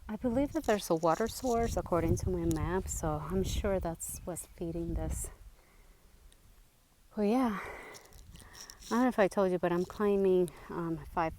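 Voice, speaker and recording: A woman talks to her camera as she hikes a mountain trail, unhurried and a little low, and lights up easily at what she sees. She is sometimes short of breath from climbing, and faint outdoor noise sits behind her voice. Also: dark tone. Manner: chatty, easily delighted narration to camera. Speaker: hiking vlogger. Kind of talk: casual trail vlog.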